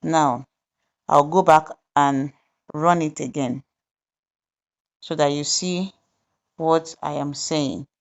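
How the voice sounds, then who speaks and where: A woman hosting a software tutorial, explaining each step deliberately and pausing with fillers as she goes. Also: deep voice, fairly even intonation, lo-fi sound. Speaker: tutorial host. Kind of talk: screen-recorded software tutorial narration.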